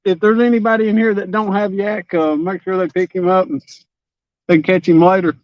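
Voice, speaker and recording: A man's voice: high voice, level tone, fairly quick, no echo. A man fishing from a boat and bantering on a livestream, joking and teasing. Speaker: fishing partner on stream. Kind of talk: casual banter. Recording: dull muffled audio.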